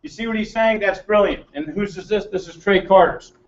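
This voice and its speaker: A man's voice: sits high, brisk. An American man giving a seminar to a live audience, brash and joking, quizzing people in the room and teasing them. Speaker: seminar presenter. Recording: roomy, distant, dull room mic.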